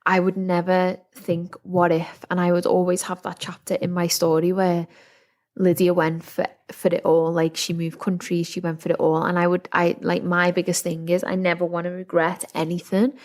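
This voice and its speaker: A woman's voice: lowish voice, completely flat delivery, normal speed, darkish tone. A young woman hosting a solo podcast, chatting candidly and earnestly with lots of "like" and restarts. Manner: rambling, heavy use of "like", earnest. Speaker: podcast host. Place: house in a forest, window open.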